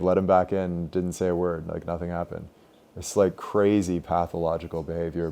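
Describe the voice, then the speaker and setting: Brief: young male meditation teacher, deep and warm, relaxed and rambling. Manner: relaxed, loose, many "like" fillers. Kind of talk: casual group teaching.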